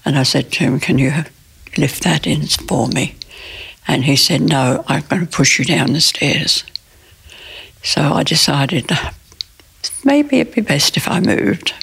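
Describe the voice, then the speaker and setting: A woman in her nineties recounting a personal story in an interview, in plain, halting speech with restarts. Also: sits low, animated, vocal fry, a bit bright, breathy edge. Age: 90s. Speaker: interview guest.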